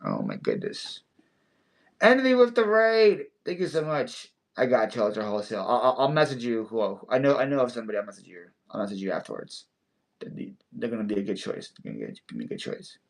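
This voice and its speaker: A man hosting a casual livestream sale, playful and quick to laugh, often stammering and repeating words. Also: fairly low pitch, wildly swooping pitch, gravelly. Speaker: live online seller host.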